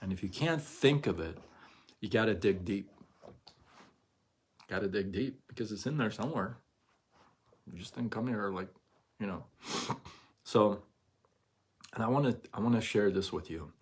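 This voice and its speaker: A man's voice: fairly low pitch, normal speed, pauses often, slightly rough. A man hosting a livestream, retelling a story with tearful emphasis and a stutter that grows when he is moved. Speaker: livestream host. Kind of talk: emotional livestream monologue.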